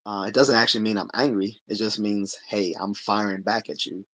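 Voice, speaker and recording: A man's voice: fairly low pitch, steady tone, brisk, fairly bright tone, dry recording. A man hosting a casual livestream, reading chat comments aloud and answering them in a conversational way, laughing often and restarting his sentences.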